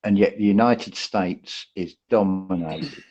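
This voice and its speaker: A man's voice: sits low, takes it slowly, a little mellow. A man from the UK in a casual online chat, talking hesitantly and restarting his sentences. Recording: dull lo-fi audio.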